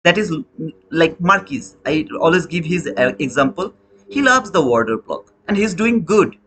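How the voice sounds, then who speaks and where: Man, high voice, bright tone, preachy trading lecture, non-native english, keeps saying brother. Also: lively intonation, moderate pace, a little hiss or hum. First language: Bengali. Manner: preachy, repetitive, calls listener brother. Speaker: trading educator. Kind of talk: motivational lecture.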